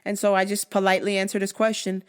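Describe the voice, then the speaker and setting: A woman's voice: mid-range voice, monotone, fast talker, smooth. A woman hosting her own podcast, telling comic stories with a lot of swearing and laughter. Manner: profane, laughing often. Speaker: podcast host. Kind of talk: casual comic storytelling.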